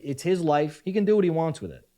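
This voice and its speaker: A man narrating a scripted commentary video in a measured, argumentative way. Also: a little high, expressive, mellow.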